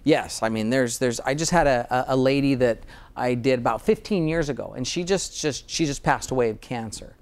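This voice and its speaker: A man's voice: mid-range voice, fairly quick. A man speaking as a dentist guest in an interview, earnest and enthusiastic, often restarting his sentences. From Utah, USA. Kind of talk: interview conversation.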